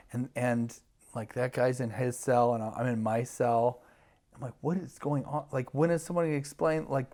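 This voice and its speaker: A middle-aged man tells a story in a loose, rambling way, with plenty of fillers and false starts. His pitch sits in the middle for a man. He acts out what other people said as he goes. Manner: rambling, many fillers and restarts, acts out voices. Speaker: podcast guest, TV producer. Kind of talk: animated storytelling.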